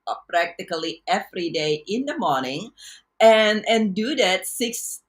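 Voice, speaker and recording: A woman's voice: mid-range voice, expressive, measured pace. A woman coach telling a personal story to camera in an earnest, reflective way, often stopping and restarting her sentences. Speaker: life and business coach.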